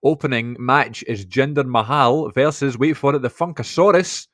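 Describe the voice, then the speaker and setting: A man's voice: medium pitch, normal speed, a bit bright, no room sound, studio quality. A Scottish man co-hosting a podcast, chatting casually, laughing often and reading out lists of matches. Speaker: podcast co-host.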